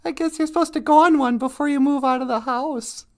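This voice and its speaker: Guy doing a timid little teddy bear, soft and stammery, kinda high. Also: a little fast, creaky. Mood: unsure. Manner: hesitant, soft-spoken. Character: young innocent teddy bear, unsure and sad.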